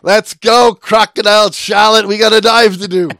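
A man puts on a cheerful, hammy scuba buddy with a mock Australian accent. He is loud and singsong, with the pitch pushed high. The sound is close and dry. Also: steady tone, normal speed, vocal fry, dry recording, heavily acted.

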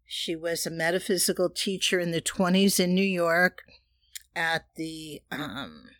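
A woman's voice: on the low side, unhurried, a bit bright, no echo, clean studio sound. A woman giving a metaphysical spiritual teaching, earnest and leading listeners in repeated affirmations.

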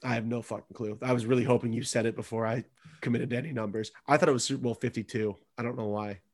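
A man's voice: mid-range voice, fairly even intonation, quick pace, darkish tone. A man co-hosting a casual sports podcast, joking sarcastically and swearing freely. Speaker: podcast co-host.

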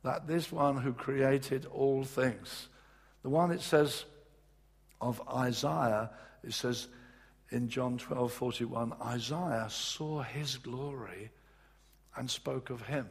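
Male preacher, gravelly and very husky voice, earnest and halting, long hall reverb. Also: mid-range voice, fairly even intonation. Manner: earnest, halting, with many restarts. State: voice recovering from loss. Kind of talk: sermon. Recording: echoey hall.

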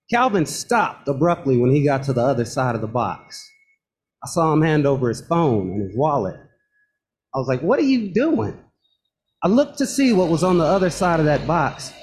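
A man recounts his own true story, his voice sitting a bit high and swinging widely up and down. He builds tension with pauses and drops in wry asides. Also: a little mellow, slightly rough. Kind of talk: first-person true story narration.

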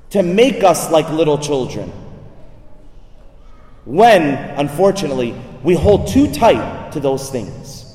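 A man preaching a sermon in a lively, conversational way, often checking in with his listeners. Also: high-pitched. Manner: animated, conversational, asks listeners "right?". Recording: echoey hall, speaker far from mic.

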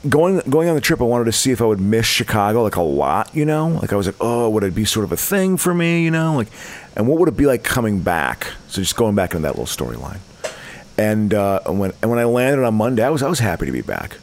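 A man's voice: fairly low pitch, sing-song, fast. A man co-hosting a podcast, telling rambling stories in casual chat and often laughing. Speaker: podcast co-host.

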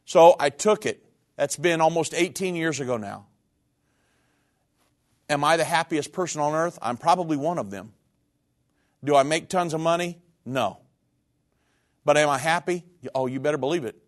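A middle-aged minister tells his own story from the pulpit in an earnest, heartfelt way. His voice sits a little high for a man. The delivery is personal and emotional, like a sermon testimony.

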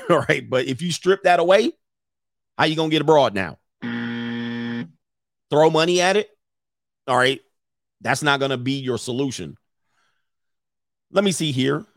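A man's voice: a little high, animated, a little slow, long pauses, no room sound, studio quality. A middle-aged man hosting a casual stream, reading viewer comments and giving blunt, rambling opinions.

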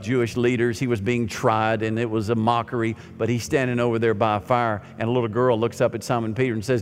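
A male pastor preaching a sermon, swinging from loud emphatic lines to soft, near-whispered ones. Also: medium pitch. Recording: long hall reverb with faint music.

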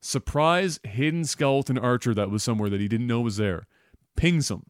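A man's voice: mid-range voice, brisk, smooth, dry recording, clean studio sound. A man co-hosting a gaming podcast, talking casually, rambling and swearing freely as he tells stories. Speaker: podcast co-host. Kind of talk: casual chat.

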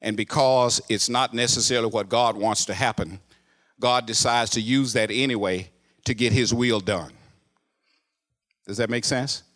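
Animated male preacher telling a story. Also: mid-range voice, normal speed. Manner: animated, swinging from hushed narration to loud exclamations. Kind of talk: sermon storytelling.

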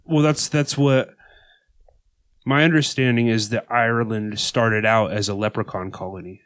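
A man co-hosting a podcast, rambling through deadpan, absurd claims with lots of "like". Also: on the low side, moderate pace, no echo. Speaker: podcast co-host. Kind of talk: casual chat.

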